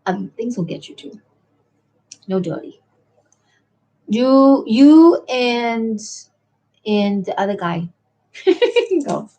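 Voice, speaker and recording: Middle-aged woman, livestream host, meandering late-night chat, voice a touch high. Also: expressive, slow pace, long pauses. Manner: meandering, talks to chat viewers, soft and chatty.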